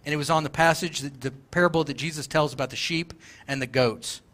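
Man, pastor, high bright voice, emphatic sermon delivery. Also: steady tone, brisk. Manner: earnest, emphatic, repeating key lines.

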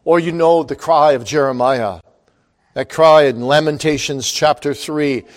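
Male preacher, high voice, dramatic sermon delivery with big dynamic swings. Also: unhurried. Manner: dramatic, wide swings in loudness and pitch.

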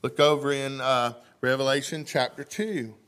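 Male pastor preaching, mid-pitched, reads scripture and asks the congregation questions. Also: fairly even intonation, normal speed, fairly bright tone, clean tone. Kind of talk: sermon. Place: church sanctuary.

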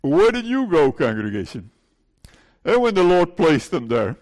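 A man's voice: a little high, sing-song, a little slow, a little mellow, in a large hall. A male pastor preaching an earnest sermon, pleading and putting questions to his congregation. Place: church.

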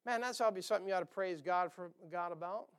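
A man preaching a sermon as pastor, in an animated style with asides, quoted voices. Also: sits high, quick pace, smooth.

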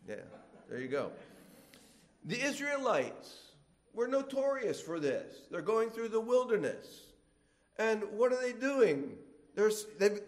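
A middle-aged man preaching a sermon, animated, acting out complainers in whiny voices. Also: high voice, measured pace.

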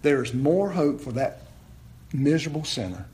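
Man preaching, emphatic, swings loud and soft, fairly high voice. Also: sing-song, moderate pace, a little hiss or hum. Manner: emphatic preaching, rising to near-shouts and dropping low. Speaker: pastor. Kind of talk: sermon.

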